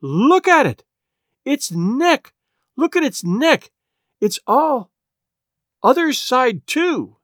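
A man's voice: sits high, very animated, normal speed, no echo, clean studio sound, voice pushed up. A man voicing an outspoken farm woman in a story reading, speaking in an earnest, emphatic way. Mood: alarmed.

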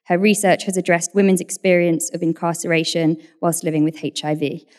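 A woman with a slightly low voice hosts a live event. She reads out a guest introduction, then shifts into relaxed, informal talk about editing the podcast. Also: a little fast. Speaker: event host.

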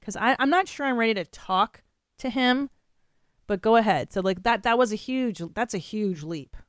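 A woman's voice: a little high, moderate pace, dry recording, studio quality. A woman co-hosting a podcast in casual chat, candid and blunt, swearing freely. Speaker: podcast co-host.

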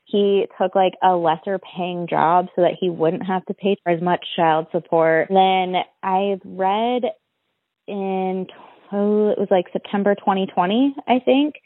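A young adult woman, interviewed as a guest, shares a personal account that rambles, restarts and is packed with "like" fillers. Her medium-pitched voice keeps a measured pace and fairly even intonation, in a dry recording with narrow, tinny audio.

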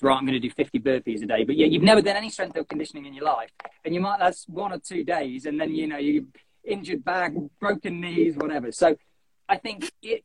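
A young man hosting a running podcast, chatting in an animated, jokey way and often cutting into his own sentences. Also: a little high, poor audio. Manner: animated, jokey, self-interrupting. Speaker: podcast host. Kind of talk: casual chat.

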